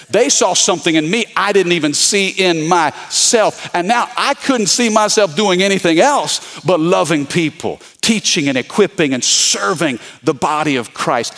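A man's voice: on the high side, fairly bright tone. A man preaching a sermon as pastor, repeating his key points and calling out to the congregation.

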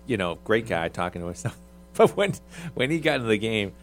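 A middle-aged man who coached youth basketball, chatting casually and haltingly with many restarts. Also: lowish voice, big pitch swings, faint music behind. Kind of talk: casual podcast chat.

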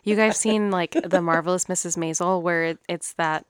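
A woman's voice: lowish voice, fairly even intonation, moderate pace, clean tone, no echo. A woman co-hosting a casual movie podcast, matter-of-fact and dry. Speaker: podcast co-host.

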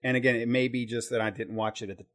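A man's voice: mid-range voice, fairly even intonation, racing, a bit bright. A man in casual podcast conversation about a film, rambling and restarting as he thinks aloud.

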